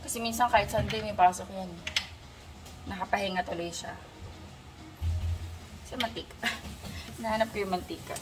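A woman's voice: mid-range voice, fairly even intonation, normal speed, long pauses. A young Filipino mother vlogging at home, soothing and coaxing her child as she chats. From Philippines. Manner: soothing, coaxing a child, switching Tagalog and English. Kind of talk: casual home vlog. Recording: background music over voice.

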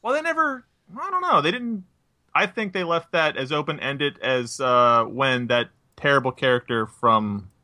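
A man's voice: mid-range voice, lively intonation, moderate pace, bright, forceful tone, no room sound, clean studio sound. A young man co-hosting a podcast in casual chat, musing aloud, laughing easily and correcting himself mid-thought. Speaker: podcast co-host.

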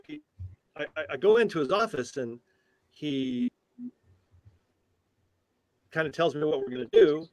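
Older male tai chi teacher, animated storyteller with many restarts, dry close sound. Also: on the high side, dry recording. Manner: animated, halting, with frequent restarts. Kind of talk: storytelling in a conversational interview.

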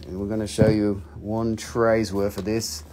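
A man's voice: fairly low pitch, level tone, a little slow, a little mellow, slight background noise. Joking, swearing live-sale host, man. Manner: joking, rambling, swears freely. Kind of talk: casual live-stream selling chat.

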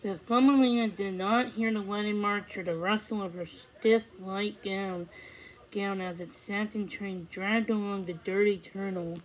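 A woman narrating a storybook read-aloud in a measured, expressive way. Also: medium pitch, low-quality recording. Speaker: reader.

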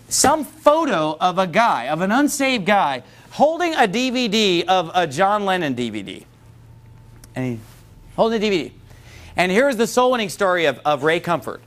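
A man's voice: high-pitched, sing-song, moderate pace, a bit bright. Blunt, mocking male preacher. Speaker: pastor. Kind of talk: sermon.

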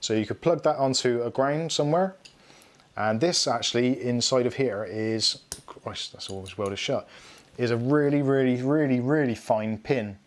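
A man's voice: mid-range voice, moderate pace. Guy, middle-aged, rambling live tech chat, pokes fun at himself. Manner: chatty, rambling, self-mocking humour. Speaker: tech channel host. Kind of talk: casual live unboxing chat.

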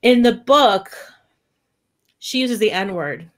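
A woman co-hosting a podcast in casual chat, animated and giggly, with lots of fillers. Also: on the high side, slow. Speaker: podcast co-host.

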